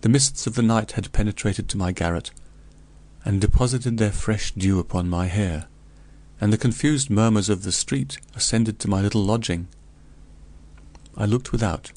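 A man reading a gothic tale aloud in the first person, in a measured, solemn way. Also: low-pitched, darkish tone. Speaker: audiobook narrator.

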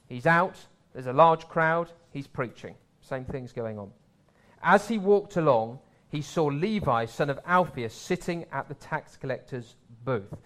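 A man preaching a sermon in a conversational way, swelling louder for emphasis and dropping low for asides.

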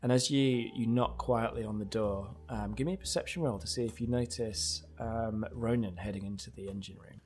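A man's voice: on the low side, moderate pace, few pauses, darkish tone. A man running a tabletop game as game master, rambling with many fillers and restarts.

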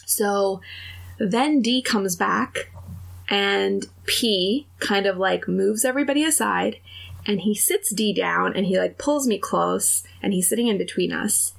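A young adult woman with a gravelly, fry-touched voice tells a story in relaxed podcast chat. She slips into the voices of the people in her story as she goes. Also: mid-range voice, a little slow. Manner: animated, acts out quoted dialogue. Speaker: podcast co-host telling a dating story.

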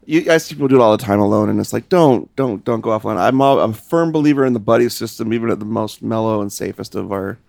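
A man's voice: lowish voice, quick pace, gravelly, hardly any pauses, a little mellow, no room sound. A man, co-host and paranormal investigator, talking earnestly in casual chat and repeating words for emphasis.

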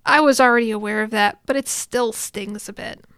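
A woman voicing a stern young noblewoman commander in a formal, measured way, read in a recap. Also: on the high side, steady tone, fairly bright tone, clear, resonant tone, no room sound, clean studio sound.

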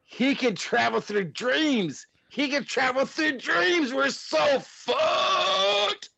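A man's voice: very high voice, expressive, slow, gravelly, pushed and bright, slightly rough, no room sound, pitched above the performer's own voice, full character voice. A man voicing a panicky older male scientist with frantic exclamations. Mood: panicked. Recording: dull lo-fi sound.

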